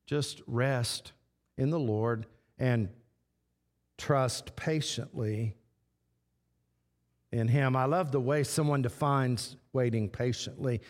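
A man preaching a sermon as pastor, slow and repetitive, stressing short phrases again and again. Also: medium pitch. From Texas. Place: church sanctuary. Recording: long church hall reverb.

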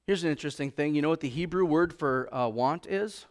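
A man preaching a sermon in a church, talking conversationally with lots of rhetorical questions and slowing down to stress scripture quotes. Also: fairly high pitch. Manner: slows for emphasis on scripture quotes. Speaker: pastor.

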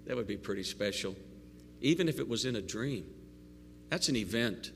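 A male pastor giving a live sermon, animated and playful, with jokey asides and call-and-response with the congregation. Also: mid-range voice, normal speed, vocal fry, slight background noise. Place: church sanctuary. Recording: long reverb of a church hall.

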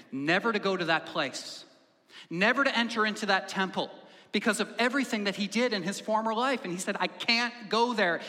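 A man preaches to his congregation in a lively, storytelling sermon, slipping into the voices of the people in his story. His voice sits high and rings bright and forceful. The sound carries the long reverb of a church sanctuary. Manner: animated storyteller acting out characters. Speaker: pastor. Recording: hall reverb.

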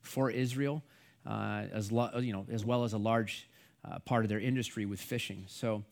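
A man's voice: lowish voice, fairly even intonation, normal speed, creaky. A middle-aged man from the United States, a pastor teaching the Bible in a casual, rambling way full of fillers and asides.

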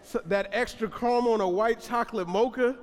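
A man's voice: very high-pitched, a little fast. A man preaching a sermon in a conversational way, repeating phrases and putting questions to the congregation. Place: church sanctuary. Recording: long church reverb.

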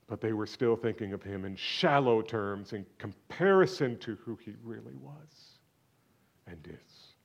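A man preaching a sermon, swinging from loud, exclaiming questions to hushed, almost whispered lines. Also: lowish voice, dull audio. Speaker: pastor.

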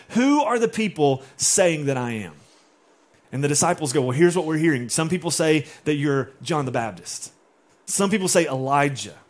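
A man preaching a sermon in a conversational way, acting out quoted lines and often asking "right?" and "like". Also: fairly high pitch. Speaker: pastor.

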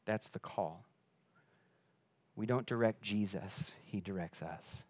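Slowly and earnestly, a male pastor preaches, his voice swelling in pitch and strength for emphasis and then softening. Repeated words mark his frequent restarts, and the recording is dry.

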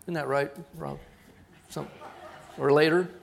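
A male pastor preaches from the pulpit and tells a story with plenty of animation, slipping into the voices of the people in it. His voice sits high for a man. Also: steady tone, a little slow, creaky, slight background noise. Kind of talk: sermon storytelling. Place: church.

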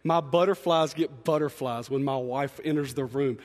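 A young man preaching an energetic, joking sermon as a student ministry pastor, talking fast and excitedly. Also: on the high side, big-room sound. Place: church sanctuary.

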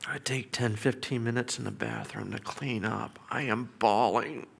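A man's voice: on the low side, fairly even intonation, moderate pace, creaky, slightly rough. A middle-aged man giving an earnest, emotional personal testimony as a father. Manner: earnest, emotional storytelling with quiet whispered prayers.

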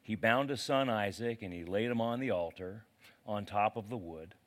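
Animated, casual preaching man. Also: lowish voice, moderate pace. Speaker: pastor. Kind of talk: sermon.

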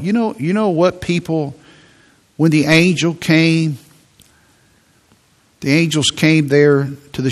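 A man's voice: a little high, fairly bright tone. A man preaching a sermon in an earnest tone, often repeating words as he presses a point.

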